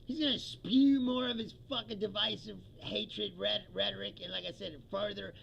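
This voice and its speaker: Man, livestream host, political rant, profane and mocking, high-pitched, raspy fry, dull lo-fi audio. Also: steady tone, normal speed, fairly bright tone. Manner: profane, mocking, laughs often, mimics quotes.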